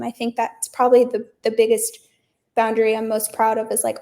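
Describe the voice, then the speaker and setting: A young woman speaks as a podcast guest, chatty and full of fillers. Her voice is fairly high but stays flat, with little rise or fall. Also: vocal fry. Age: young adult. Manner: chatty, leans heavily on "like" and "um". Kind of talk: casual interview chat.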